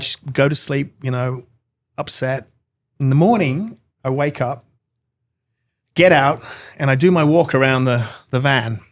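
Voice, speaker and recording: A middle-aged man from Britain tells his own story as an interview guest. He speaks earnestly, with a mid-range voice, and brings it alive by acting out the people in it. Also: medium pitch. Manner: earnest, animated, acts out dialogue.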